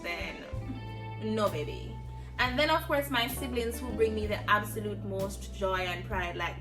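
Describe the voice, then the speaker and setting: A Jamaican woman in her twenties speaking earnestly in a reflective personal vlog. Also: fairly high pitch. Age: 20s. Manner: earnest, heartfelt, emphatic. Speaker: vlogger. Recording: distant mic with music behind. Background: music.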